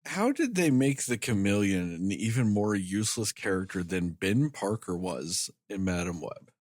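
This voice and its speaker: A man co-hosting a podcast, talking about a movie in a blunt, animated way with some swearing. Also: lowish voice, moderate pace, no room sound, clean studio sound. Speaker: podcast co-host. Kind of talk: casual movie review chat.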